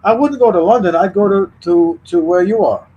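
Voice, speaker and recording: Halting man with a slightly high voice. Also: mellow, lo-fi sound, slight background noise. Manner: hesitant, halting, laughs easily. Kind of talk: casual chat.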